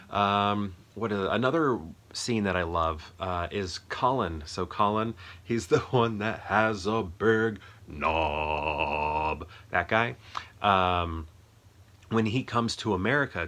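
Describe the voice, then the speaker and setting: A man's voice: sits low, fairly bright tone. A man chatting casually and enthusiastically about a favorite film, rambling with frequent restarts. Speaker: movie review host.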